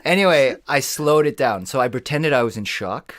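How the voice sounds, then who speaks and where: Male co-host, mid-pitched, energetic storyteller who acts out quotes; dry close recording. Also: moderate pace, no room sound. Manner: animated, acts out quoted voices, swears. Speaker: podcast co-host. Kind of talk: casual storytelling chat.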